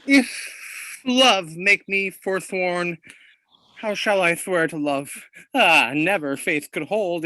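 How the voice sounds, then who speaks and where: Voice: medium pitch, bright, forceful tone, dry recording. An actor playing a fawning, easily impressed parson in a live-streamed Shakespeare reading.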